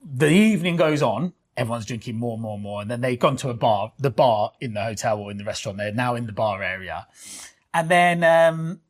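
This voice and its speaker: A man's voice: medium pitch, brisk. A man, co-hosting and telling a story in casual chat, with lots of fillers and swearing. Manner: animated, swears freely, many fillers. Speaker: podcast co-host.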